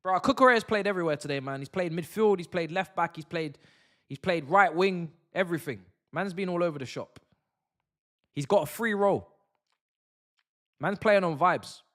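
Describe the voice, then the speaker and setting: A young man talks his viewers through a live football match, joking and ranting in heavy slang. His voice is bright and ringing and sits a little high for a man. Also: normal speed, long pauses. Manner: animated, slangy banter with chat. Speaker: watch-along streamer. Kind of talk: live football watch-along commentary.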